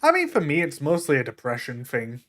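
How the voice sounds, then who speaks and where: A man's voice: on the high side, huge pitch swings, a little fast, fairly bright tone. A young man with a Northern English accent chatting as a guest, laid-back and blunt, casually swearing. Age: young adult. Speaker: guest in chat. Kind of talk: casual chat.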